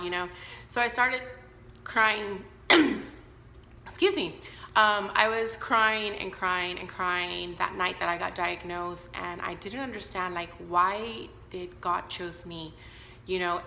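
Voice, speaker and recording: A woman's voice: fairly low pitch, vocal fry, pushed and bright, echoey room, a little hiss or hum. Candid woman vlogging to camera. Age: 30s. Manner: candid, talks straight to viewers with many fillers. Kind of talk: unscripted personal vlog, talking to camera.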